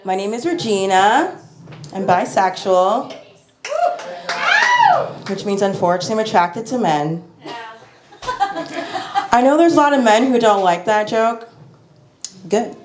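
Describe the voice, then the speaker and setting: A woman's voice: mid-range voice, expressive, slow, long pauses, reverberant, heavy background noise. A woman performing a stand-up comedy set on a lapel mic, rambling and self-deprecating with many fillers.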